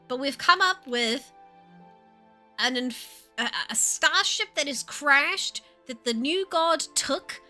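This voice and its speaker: A young woman chatting casually on a livestream, animated, laughing often and swearing. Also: high-pitched. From New Zealand. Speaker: streamer.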